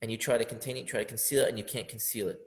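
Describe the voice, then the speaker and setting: A man leads a religious lesson on a classic poem, his mid-range voice moving from quiet, tender explanation to fervent, loud repetition. His delivery is heartfelt and insistent, and now and then he half-sings a verse. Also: mid-range voice, fairly even intonation, very fast. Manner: impassioned, building up to loud emphatic peaks, sometimes half-singing verses. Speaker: teacher.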